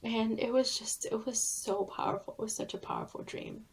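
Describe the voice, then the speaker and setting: A woman author and therapist being interviewed, sharing a heartfelt personal story in an earnest, deliberate way. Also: on the high side, steady tone, gravelly, slight background noise.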